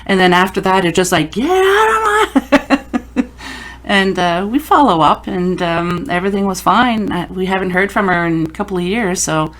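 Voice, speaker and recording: A woman's voice: on the low side, fairly quick, hardly any pauses, fairly bright tone. A woman hosting a paranormal podcast, chatting casually and telling stories with quoted asides. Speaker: podcast host. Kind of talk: casual interview chat.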